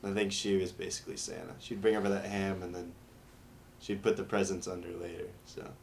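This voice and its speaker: A young man with a low voice chats easily on a podcast. He sounds laid-back and mostly answers in short, agreeing bits. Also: level tone, a little fast, gravelly, darkish tone, slight background noise. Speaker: podcast co-host. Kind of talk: casual chat.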